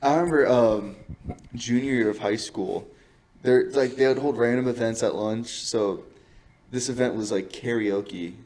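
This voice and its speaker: A man's voice: mid-range voice, a little slow, darkish tone. A young man co-hosting a podcast, chatting bluntly and casually with frequent swearing. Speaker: podcast co-host. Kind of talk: casual chat.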